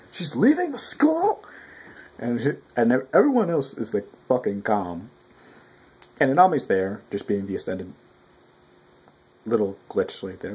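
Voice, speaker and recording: A man giving a rambling, profane, casual manga review, talking loud with a clogged ear and often restarting his sentences. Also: medium pitch, husky. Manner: rambling, profane, self-interrupting.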